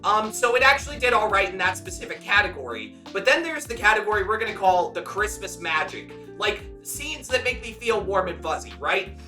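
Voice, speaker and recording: A man's voice: sits high, pushed and bright, far from the mic. A man co-hosting a podcast, reviewing a movie in a casual chat with profane, jokey enthusiasm. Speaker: podcast co-host.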